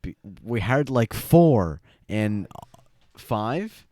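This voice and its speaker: A man's voice: fairly low pitch, big pitch swings, very slow, dark tone. A young man co-hosting a podcast, chatting casually and rambling with lots of fillers. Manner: rambling, frequent fillers and laughs. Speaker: podcast co-host. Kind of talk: casual chat.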